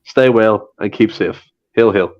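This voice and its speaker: A man hosting a casual podcast chat, chatty and animated, swearing now and then. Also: fairly low pitch, a little slow, dull audio. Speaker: podcast host.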